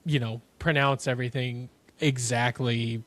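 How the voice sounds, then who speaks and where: Male co-host, mid-pitched, easygoing and halting. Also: fairly even intonation, fairly bright tone, no room sound. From United States. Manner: halting, filler-heavy, easygoing. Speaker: podcast co-host. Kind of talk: casual chat.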